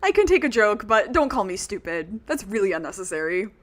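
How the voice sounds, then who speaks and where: A woman's voice: medium pitch, sing-song, fairly quick. A woman streaming a video game, chatting casually and with exasperation to her viewers. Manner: chatty, exasperated, talks straight to chat. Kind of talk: casual let's-play chat.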